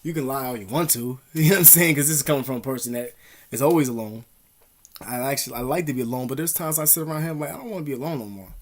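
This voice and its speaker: A man's voice: medium pitch, fast talker. Profane rambling man giving advice. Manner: profane, rambling, street-slang talk with many fillers. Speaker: vlogger. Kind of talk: casual advice monologue.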